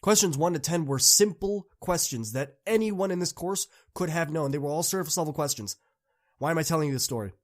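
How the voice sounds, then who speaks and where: An earnest young man speaks straight to students in a motivational pep talk. His voice sits a touch higher than most men's, and it moves between quiet, confiding stretches and fired-up appeals. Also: lively intonation, brisk. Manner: earnest, encouraging, swings from soft to impassioned. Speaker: podcast host.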